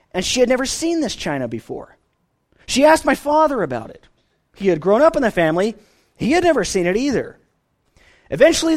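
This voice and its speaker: Man, pastor, earnest sermon delivery; high, very animated pitch. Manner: earnest preaching, rising and falling emphasis.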